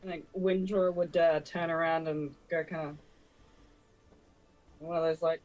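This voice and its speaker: A woman's voice: deep voice, fairly even intonation, unhurried, darkish tone, faint music behind, rough recording. A woman playing a tabletop role-playing game, talking casually and a bit hesitantly. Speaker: player.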